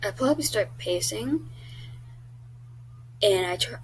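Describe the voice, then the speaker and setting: Teen girl vlogger, mid-pitched, chatty and blunt, faint background hum. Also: expressive, unhurried, rough recording. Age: teens. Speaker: YouTuber. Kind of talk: casual vlog chat.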